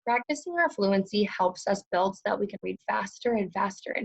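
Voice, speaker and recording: A woman's voice: mid-range voice, expressive. Woman teaching a second-grade class. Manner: slow, crisp and clear, encouraging teacher voice. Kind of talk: recorded remote lesson for young children. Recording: slightly dull lo-fi recording.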